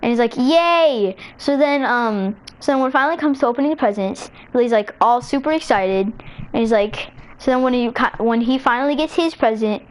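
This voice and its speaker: High-voiced rambling girl storyteller. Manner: rambling, many restarts and "so then"; acts out characters' lines in quick little voices. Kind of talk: casual storytelling while gaming.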